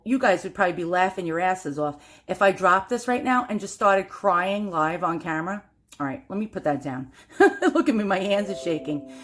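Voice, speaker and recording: Chatty New York woman. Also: mid-range voice. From Queens, New York. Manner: chatty, self-deprecating, laughs often. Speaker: antiques collector vlogger. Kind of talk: casual show-and-tell vlog.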